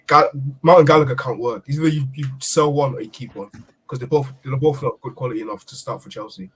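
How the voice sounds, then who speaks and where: Man, husky voice, hesitant, casual football chat. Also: medium pitch, quick pace. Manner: hesitant, many ums. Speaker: panelist.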